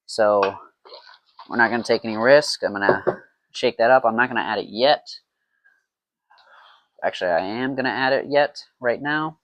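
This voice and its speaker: A man chatters in a loose, playful ramble as he works through a home brewing batch. His voice sits at an ordinary middle pitch. The sound is dry and close, with little room around it. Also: normal speed, long pauses, fairly bright tone, no room sound. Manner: rambling, playful self-talk. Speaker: home mead brewer. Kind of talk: casual solo brewing vlog.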